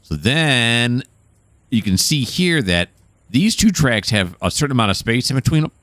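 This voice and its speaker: A man's voice: medium pitch, sing-song, moderate pace, a bit bright, dry recording. A man casually commenting while playing a train game, rambling and correcting himself as he goes. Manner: rambling, self-correcting, chatty. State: hiccuping. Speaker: gameplay host.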